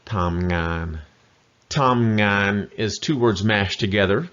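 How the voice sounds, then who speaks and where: A man teaching pronunciation in a video lesson, patiently repeating syllables slowly. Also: fairly low pitch, a bit bright, smooth. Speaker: language teacher. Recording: muffled lo-fi audio.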